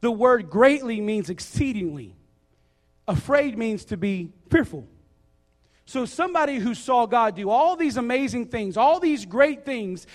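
Animated high-voiced man preaching in a hall. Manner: casual, joking, animated storytelling. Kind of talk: sermon. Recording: reverberant hall.

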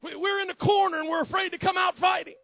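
Fairly quick and with fairly even intonation, a very high-voiced male pastor preaches fiercely, moving from hushed, close asides to shouts. The audio sounds dry and slightly dull, with no room sound.

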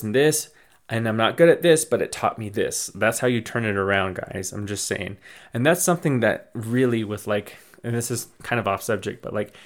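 A young man hosting a podcast, giving casual, encouraging life advice with many fillers and restarts. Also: lowish voice. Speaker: podcast host. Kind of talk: casual motivational talk.

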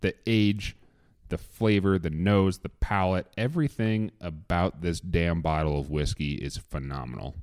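A man's voice: low-pitched, unhurried, hardly any pauses, darkish tone, smooth. A man hosting a casual whiskey tasting podcast, enthusiastic and joking, with some cursing. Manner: enthusiastic, joking, swears freely. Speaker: podcast host.

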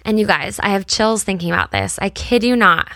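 A young American woman shares a personal story with her audience, sincere and visibly moved, on the edge of tears. Her voice is bright and forward. The recording is close and dry, with no room sound at all. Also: mid-range voice, animated, fairly quick, vocal fry, dry recording. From United States. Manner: earnest, emotional, talks to viewers directly. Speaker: small brand founder.

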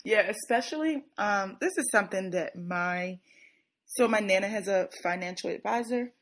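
A woman's voice: mid-range voice, normal speed. Candid young woman telling a story. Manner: candid, self-mocking, laughing. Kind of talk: casual chat, storytelling.

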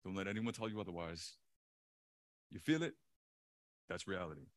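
A male pastor preaching a sermon in an animated way, chuckling often and repeating words for emphasis. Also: low voice, normal speed.

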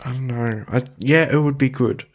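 A male podcast co-host talking about films with a friend. He gets excited, jumps in fast, and swears at his co-host in jest, in a plain mid-range voice. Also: mid-range voice. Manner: excitable, quick to protest and mock. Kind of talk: casual film podcast chat.

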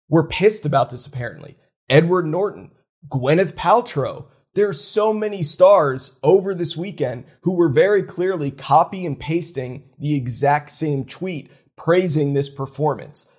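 A man co-hosting a casual chat, animated and opinionated, getting worked up for fun. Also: fairly high pitch, breathy edge. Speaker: co-host.

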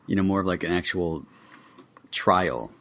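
A man's voice: low voice, a little slow, a bit bright. A young adult man co-hosting a podcast, chatting with opinionated, eager enthusiasm. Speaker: podcast co-host. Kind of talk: casual podcast chat.

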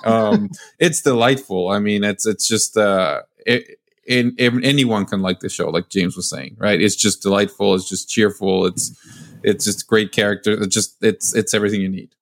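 A man speaking as a podcast guest in casual chat, halting with frequent restarts and fillers. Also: fairly low pitch.

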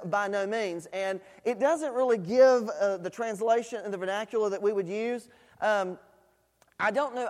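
High-voiced preacher in an echoing hall. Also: male voice. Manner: conversational preaching with frequent fillers, rising to emphatic questions. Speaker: pastor. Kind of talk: sermon. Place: church sanctuary.

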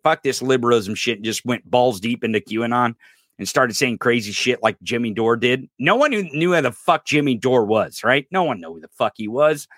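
Here a political podcast host with a mid-range voice rambles through a profanity-laden, casual rant. Animated throughout, he frequently laughs and fumbles his words, recorded dry in studio quality.

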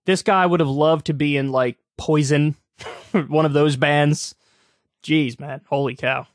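A man hosting a political commentary show, talking casually with sarcastic, mocking, animated rants. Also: fairly high pitch, measured pace, no room sound, studio quality.

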